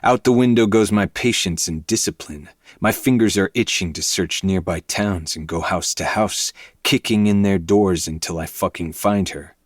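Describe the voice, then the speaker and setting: A man reading a dark novel aloud in first person, with low, intense, brooding delivery. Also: moderate pace, few pauses, dry recording, studio quality. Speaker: podcast host reading a novel.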